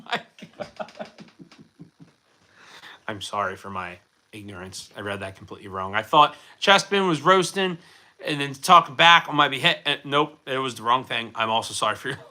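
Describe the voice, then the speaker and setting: A livestream host fields chat messages in a rambling, chatty manner, full of fillers and jokes at his own expense. His mid-range voice sounds bright with a forceful tone.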